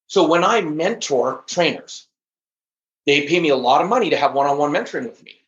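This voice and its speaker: High-energy, emphatic male guest. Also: animated, brisk, a bit bright. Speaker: podcast guest, trainer. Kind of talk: interview conversation. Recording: echoey, dull lo-fi audio.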